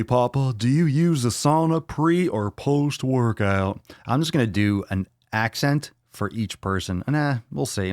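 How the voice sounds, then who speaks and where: A man hosting a live podcast Q&A, talking casually in a fairly low voice. He swears freely and jokes as he goes. The sound is close and dry, with no room around it. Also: no room sound. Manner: profane, playful, goofing with mock self-scolding. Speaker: podcast host.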